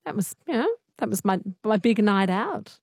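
A woman's voice: medium pitch, lively intonation, moderate pace, vocal fry, husky, no echo, studio quality. A woman hosting a late-night radio quiz, chatty and friendly, explaining the answers at length. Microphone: studio microphone.

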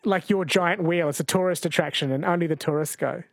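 A man's voice: a little high, brisk, gravelly, dry recording. A man hosting a radio phone-in quiz in a casual, chatty way, laughing easily.

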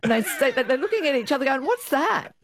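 A woman's voice: high voice, fast, a little hiss or hum. Woman telling police stories. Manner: lively storyteller, acts out quoted voices. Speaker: retired police officer, guest. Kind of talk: storytelling interview.

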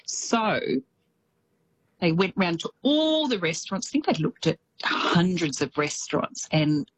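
A woman's voice: on the low side, big pitch swings, a little slow, no room sound, poor audio. A woman with an Australian accent, talking casually and with enthusiasm as a radio correspondent. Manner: chatty, enthusiastic.

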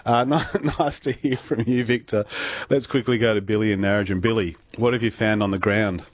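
Husky radio host, low voice. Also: male voice, steady tone, brisk, no echo. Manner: chatty, laughs easily. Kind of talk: talkback radio chat.

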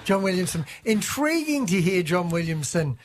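A man with a slightly high voice hosts a radio music show. He talks in a wry, offhand way. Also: sing-song, moderate pace. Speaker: radio host. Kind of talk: casual radio chat about music.

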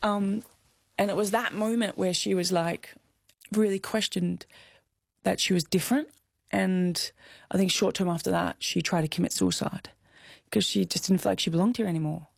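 Gravelly Australian woman, candid and heartfelt. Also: medium pitch, fairly even intonation, moderate pace, no room sound. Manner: candid, heartfelt, close to tears. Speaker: guest. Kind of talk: emotional personal interview.

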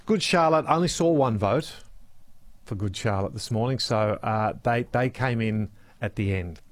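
An Australian man hosting a morning radio show, reading out listener messages in a chatty, relaxed way. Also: on the low side, moderate pace, no room sound. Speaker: radio host. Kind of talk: casual radio chat. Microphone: studio microphone.

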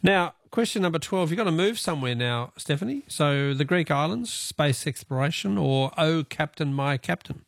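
A man's voice: on the high side, animated, moderate pace, creaky, few pauses, no room sound. A man with an Australian accent hosting a radio quiz in a breezy, teasing way. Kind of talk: casual radio chat.

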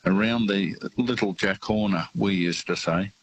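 An older Australian man calling in to a radio show, telling stories in a halting, rambling way with plenty of fillers. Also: fairly low pitch, husky, dry recording, rough recording. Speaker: radio caller. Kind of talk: casual phone-in chat.

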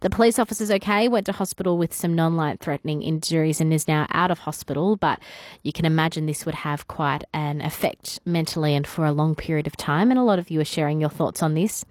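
A woman's voice: low-pitched, fast talker, darkish tone, dry recording. A woman with an Australian accent hosting morning talkback radio in a studio, chatting casually with fillers and reading out listener messages. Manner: chatty and conversational, with fillers and laughs. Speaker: radio host.

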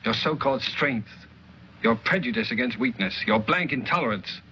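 A man's voice: mid-range voice, expressive, lightly acted. An actor with a Mid-Atlantic accent playing a stern man who lectures a proud woman, in 1940s film acting. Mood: reproachful. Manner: measured, reproachful delivery. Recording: dull old film soundtrack with hiss.

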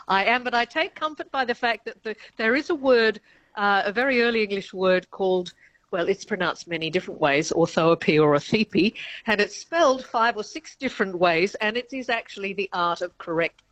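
A woman professor talks through her answers in a relaxed, explanatory way, breaking into little laughs partway through her sentences. Her voice sits at a middle pitch. The studio sound is dry and close. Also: a little fast, no room sound, dull audio. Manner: chatty and explanatory, laughs often mid-sentence. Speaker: linguistics professor, guest. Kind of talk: radio interview answers.

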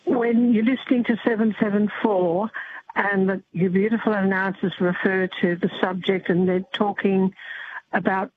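A man in his eighties calling a radio show, speaking in a slow, meandering way. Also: high voice, fairly even intonation. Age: 80s. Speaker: caller. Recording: tinny phone line with faint noise.

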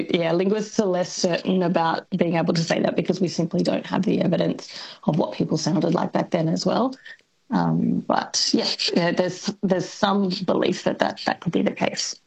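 An Australian woman speaks as a radio guest, unhurried and explanatory. Her voice is slightly low, with gravelly fry and a husky edge. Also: steady tone, darkish tone, rough recording. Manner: measured, explanatory, frequent um fillers. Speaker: linguist guest. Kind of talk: radio talk.

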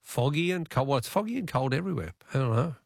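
Gravelly, chatty Australian radio host. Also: male voice, medium pitch, lively intonation, fast talker, no echo, studio quality. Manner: chatty, chuckling, self-deprecating. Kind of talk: casual radio talkback chat. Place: radio studio. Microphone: studio microphone.

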